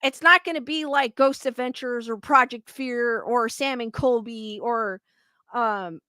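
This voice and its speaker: A woman's voice: a little high, a little slow, bright, forceful tone, smooth, dry recording. A woman hosting a paranormal livestream, chatting casually with viewers and rambling candidly as she vents her frustration. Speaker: paranormal YouTube host live-streaming. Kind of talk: casual livestream chat, reading viewer comments.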